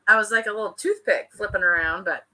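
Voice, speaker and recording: A woman co-hosting a casual chat, telling animated stories and laughing as she goes. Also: mid-range voice, fast. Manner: animated storyteller, laughs mid-sentence. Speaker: podcast co-host.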